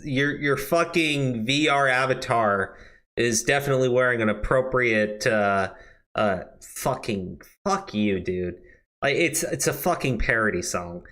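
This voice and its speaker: A man's voice: medium pitch, slow pace, a bit bright. A man ranting on a live stream from his office, swearing a lot and stammering through restarts. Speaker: streamer and commentator. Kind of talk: profane live-stream commentary. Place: new office.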